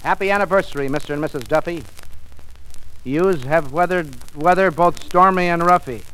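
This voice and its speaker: A man's voice: on the high side, very noisy. A man guest-starring on a 1940s radio comedy, reciting comic verse in a hearty, folksy way. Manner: hearty, slow, folksy delivery of a comic poem. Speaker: guest star. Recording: old radio broadcast with music.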